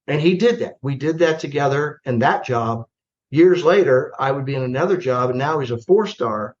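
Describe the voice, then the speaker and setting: An older man, a retired army general, telling stories as a podcast guest, animated and self-deprecating, acting out the dialogue. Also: mid-range voice, normal speed. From United States. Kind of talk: storytelling in a podcast interview. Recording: slightly dull lo-fi podcast audio.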